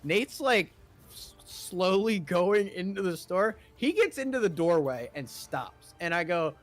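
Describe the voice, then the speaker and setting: Animated, swearing young man telling a story. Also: sits high, a little slow, faint music behind. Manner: animated, swears a lot, acts out quotes. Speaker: streamer. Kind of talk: casual storytelling chat.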